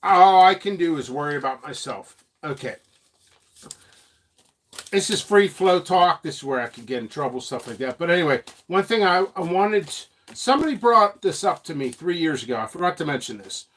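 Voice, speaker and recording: A man's voice: a little high, animated, normal speed, a bit bright. A man hosting his channel as a seed seller, talking to viewers in a rambling, joking way and laughing often. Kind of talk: free-flowing casual talk to viewers.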